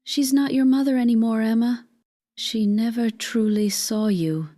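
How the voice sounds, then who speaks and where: A woman voicing a manipulative female therapist who speaks softly and condescendingly in a calm, soothing manner. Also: a little high, measured pace, close to an everyday voice. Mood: coaxing.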